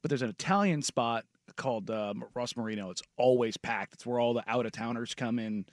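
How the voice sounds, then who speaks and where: A man's voice: mid-range voice, fairly quick, dry recording, clean studio sound. A man co-hosting a radio show, telling stories with enthusiasm, using lots of "like" and "uh". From Oregon, United States. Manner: enthusiastic storyteller, many fillers. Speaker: radio co-host. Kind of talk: casual sports radio chat.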